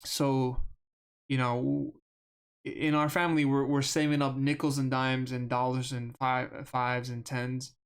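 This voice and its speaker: Speaking into a desk mic with a smooth, mid-range voice and a level tone, a young man live streams a game. His casual, earnest chat is halting, with many fillers and false starts.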